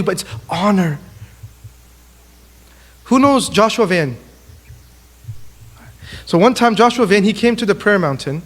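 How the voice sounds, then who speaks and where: A man with a notably high voice preaches to young people, spinning lively personal stories and acting out quick exchanges as he goes. His voice rings out with a long hall reverb. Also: slightly rough. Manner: animated storytelling, acts out quotes. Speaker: youth speaker.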